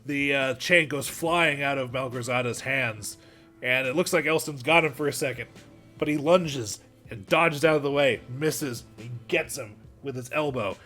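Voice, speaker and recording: A man narrating as game master for a tabletop game, quick and stumbling with restarts. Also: mid-range voice, sharp tone, soft background music.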